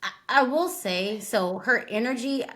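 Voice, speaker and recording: A woman's voice: a little high, expressive, measured pace, a bit bright. A woman co-hosting a podcast, retelling scenes in a chatty way and acting out quotes in casual conversation. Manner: chatty storytelling, acts out quotes. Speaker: podcast co-host. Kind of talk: casual recap chat.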